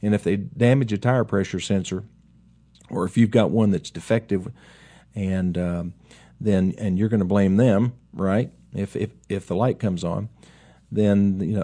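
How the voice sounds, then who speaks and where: A man's voice: fairly low pitch, warm tone. A middle-aged man who owns a car dealership, hosting a casual talk segment in a folksy, rambling way with chatty asides. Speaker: car dealership owner and radio host.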